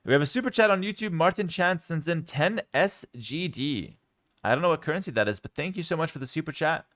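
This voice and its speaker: A young man from Canada reading and answering chat questions on a casual livestream from home, relaxed and rambling, with lots of ums and repeated words. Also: fairly high pitch, fairly quick.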